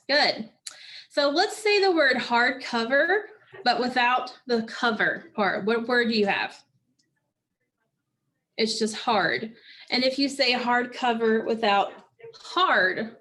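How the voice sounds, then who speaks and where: Female teacher, slightly high voice, slow deliberate phonics drills for kids. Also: a bit bright. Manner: slow, patient, asks and answers own questions. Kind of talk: phonics lesson for children.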